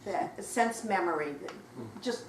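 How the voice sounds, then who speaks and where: An older woman tells stories to a bookshop audience, animated and quick to slip into other people's voices. She is picked up from a distance in a roomy space with a faint hiss underneath. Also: mid-range voice. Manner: animated, acts out quoted voices, laughs while telling. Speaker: guest author at a book talk. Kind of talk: anecdotal storytelling to a live audience. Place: bookshop event room.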